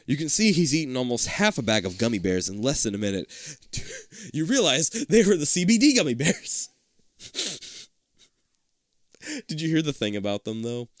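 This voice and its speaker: A man's voice: mid-range voice, moderate pace, long pauses, dry recording. A man reads a children's story aloud with a lot of movement in his voice. He keeps breaking off into crude, joking asides. The sound is dry and close. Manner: animated, swearing, laughing asides. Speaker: podcast host reading a children's book aloud. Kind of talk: casual comedic reading and chat.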